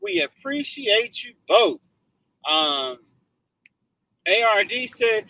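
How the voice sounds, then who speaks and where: A man hosting a motivational live stream in casual chat, animated and joking, laughing often. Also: very high voice, slow pace, creaky, long pauses, rough recording.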